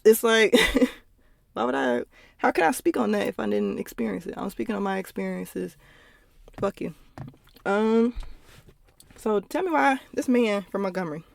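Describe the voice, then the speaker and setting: Recorded at home with no echo, a young woman hosts her own podcast, telling personal stories in a rambling, profane, casual monologue with laughing asides. Her voice is medium-pitched with vocal fry.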